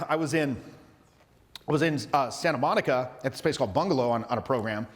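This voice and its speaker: A man's voice: mid-range voice, fast, long reverb tail. A man who coaches social skills, telling stories casually and acting out other people's voices. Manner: animated storyteller, acts out voices, laughs often. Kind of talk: casual talk to camera.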